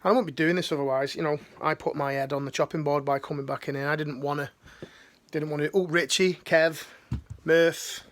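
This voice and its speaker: A man's voice: a little high, fairly even intonation, fairly quick, a bit bright. A middle-aged man, talking earnestly and slangily, rambling with restarts in a motivational talk. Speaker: life coach, ex-military.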